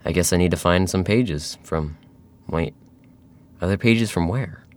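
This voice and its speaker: A nervous young boy exploring somewhere strange, asking uneasy questions, as a male narrator reads him. The voice sits only a little above the reader's own low tone. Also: a little slow.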